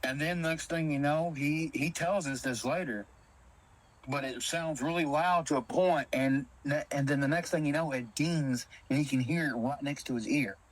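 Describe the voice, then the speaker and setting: A man's voice: a little high, moderate pace, low-quality recording. A man telling a spooky story in casual talk, acting out what others said. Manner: animated, Southern-inflected storytelling with quoted dialogue. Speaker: caller telling an encounter.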